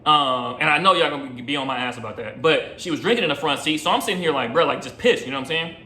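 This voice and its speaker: A man's voice: a little high, quick pace, pushed and bright, roomy sound. A young man, a rideshare driver, telling a rambling, slangy story in casual chat, often asking "you know what I'm saying".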